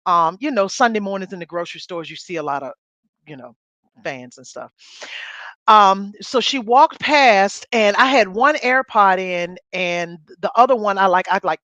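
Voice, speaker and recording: A middle-aged woman, co-hosting a podcast and telling a story in a loud, blunt, animated way. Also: mid-range voice, no echo. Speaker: podcast co-host. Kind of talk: casual storytelling chat.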